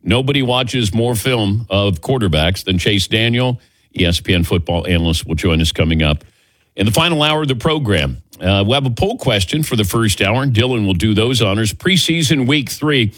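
A man hosting a sports talk radio show, chatting casually and telling animated stories with quick laughs. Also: on the low side, dry recording. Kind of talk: casual morning radio banter. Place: radio studio.

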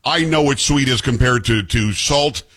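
A man hosting a call-in radio talk show, brash and argumentative, teasing his callers and co-host, with a husky voice. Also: medium pitch, moderate pace, fairly bright tone.

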